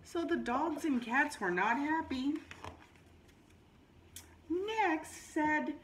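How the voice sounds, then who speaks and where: A woman teacher reads a picture book aloud to young children, her pitch leaping and swooping with lively expression. She stretches out her phrases slowly and patiently, then jumps up high for the exciting bits. A faint hiss of room noise sits behind her. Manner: animated, drawn-out storybook reading with sudden high exclamations. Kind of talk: read-aloud storytime for children.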